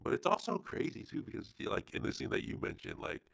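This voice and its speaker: A man hosting a podcast, chatting casually about films in a slangy, animated way. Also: fast, dry recording. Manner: slangy, animated, says dude and bro. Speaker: podcast host. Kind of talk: casual film chat.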